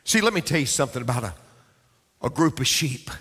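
An older man, a pastor, preaching a dramatic sermon that swings between hushed and booming. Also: expressive, a little fast, breathy edge, big-room sound.

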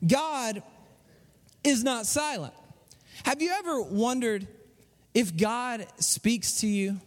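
A man preaching a sermon, telling stories with restarts and emphatic pauses. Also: extremely high pitch, animated. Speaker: pastor. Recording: long hall reverb.

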